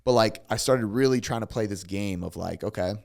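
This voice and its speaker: A man's voice: fairly low pitch, gravelly. A man, a coach, talking casually and animatedly on a podcast, swearing freely as he tells stories. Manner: fast, swearing, animated storytelling. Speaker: fitness coach, guest.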